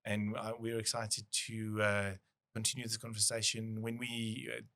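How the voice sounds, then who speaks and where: Brief: male podcast host, low voice, easygoing, restarts his sentences a lot. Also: moderate pace. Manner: relaxed, restarts often, thinks aloud. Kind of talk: casual business chat.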